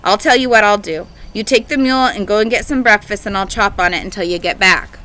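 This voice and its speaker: A woman voicing a calm, kindly rural father who speaks slowly, in a storybook reading. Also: medium pitch, close to an everyday voice. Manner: slow and calm.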